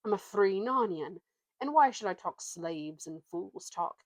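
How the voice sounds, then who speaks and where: A woman's voice: medium pitch, animated, measured pace, no echo. A woman voicing a proud male talking warhorse, haughty and lofty, drawing out her words.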